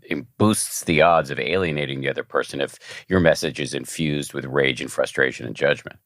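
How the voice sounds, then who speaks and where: A man hosting a podcast interview, explaining in a measured way. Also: rumbling low, fairly bright tone, dry recording, studio quality. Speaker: podcast host.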